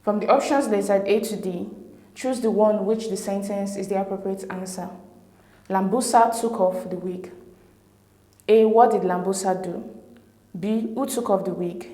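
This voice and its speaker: A woman explaining exam answers as a tutor, reading each option in a measured, methodical way. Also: mid-range voice, fairly even intonation, mellow. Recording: roomy echo with faint hiss.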